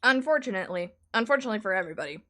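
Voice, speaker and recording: A woman's voice: medium pitch, racing. Chatty woman artist streaming. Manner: chatty and animated, often laughing. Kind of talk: casual chat while drawing on stream.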